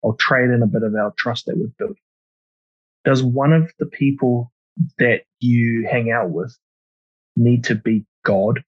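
A man hosting a casual podcast interview, relaxed and asking reflective questions. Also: medium pitch, a little slow, husky, no echo. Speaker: podcast host. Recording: dull dry lo-fi audio.

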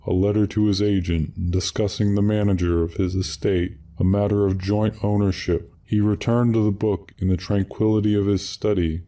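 A man narrating short stories in a steady, unhurried reading voice. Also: on the low side.

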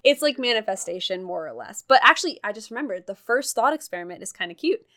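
A young woman in an easygoing chat, her voice sitting at an ordinary middle pitch. She rambles with plenty of fillers and breaks into laughter readily. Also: lively intonation, fast, pushed and bright. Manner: chatty, many fillers, laughs easily. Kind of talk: casual chat.

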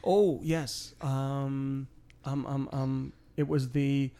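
Man, podcast co-host, gravelly low edge, easygoing chatter, joking and self-correcting. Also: little pitch movement, very slow, warm tone. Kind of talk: casual chat.

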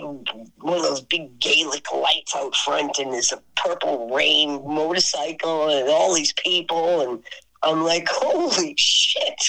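Older woman guest, low-pitched, animated anecdote teller who laughs often, on a radio-style recording. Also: low-quality recording. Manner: animated, laughing often, voices her friend's lines. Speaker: podcast guest, singer. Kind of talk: casual storytelling interview.

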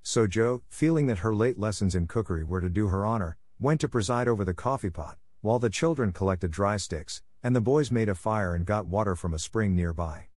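A man narrating a classic novel audiobook in a steady, measured reading on a close mic. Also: on the low side, no room sound.

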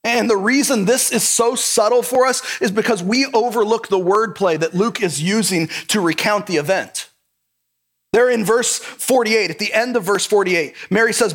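A man's voice: high-pitched, normal speed, fairly bright tone. A male pastor preaching a sermon in an earnest, emphatic way, repeating his key points.

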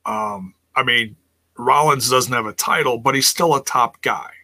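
A man's voice: mid-range voice, a little slow, sharp tone. A man casually recapping a wrestling show on a live stream, chatting with viewers and sounding exasperated. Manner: chatty, exasperated, reads chat aloud.

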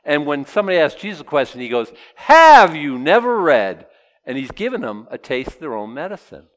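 A man's voice: mid-range voice, very animated, fast talker. A man preaching a casual, humorous sermon, stopping to joke and voice imagined objections. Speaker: pastor. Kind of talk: sermon with verse-by-verse teaching.

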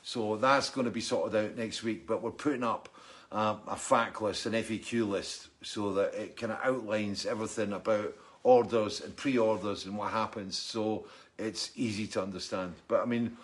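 A man's voice: on the low side, steady tone, normal speed. A middle-aged man, a musician, hosting a casual weekly livestream and reading out viewer comments. He rambles and chats, restarts his sentences and laughs often.

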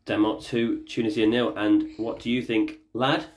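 A man's voice: lowish voice, level tone, normal speed. A man hosting a casual family podcast as the dad, chatty and jokey, leading the talk with questions.

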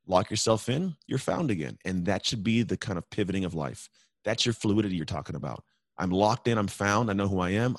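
A middle-aged man with a fairly low voice and an energetic, story-driven way of talking. He pushes his pitch up sharply when he urges people to act. The recording is close and dry, with no room sound. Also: no room sound. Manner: energetic, storytelling, rising emphatically when urging. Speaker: podcast guest, former pro athlete. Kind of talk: motivational conversation.

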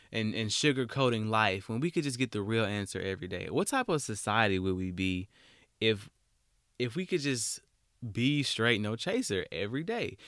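Blunt man, smooth low voice. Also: no room sound, studio quality. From Alabama, US South. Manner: blunt, animated, repeats words when worked up. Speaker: podcast host. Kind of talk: solo podcast monologue.

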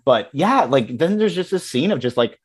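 A man's voice: on the high side, sing-song, normal speed, husky. Guy rambling about a movie on a podcast, voice jumps all over the place, keeps restarting. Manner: rambling, heavy on fillers and restarts. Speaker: podcast co-host. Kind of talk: casual film discussion.

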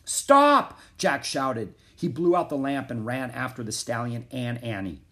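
Brief: male storybook reader, even and measured narration. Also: mid-range voice. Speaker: audiobook reader.

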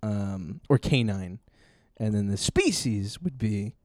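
A young man co-hosting a casual comedy podcast, joking loudly with manic energy. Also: lowish voice, animated, takes it slowly, no room sound, studio quality. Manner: loud, manic and joking, shouts for emphasis. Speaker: podcast co-host.

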